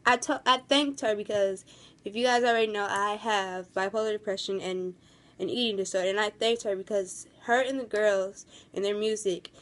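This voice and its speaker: A woman's voice: mid-range voice, fairly even intonation, moderate pace. A young woman vlogging in a casual, rambling storytime, gushing and full of fillers.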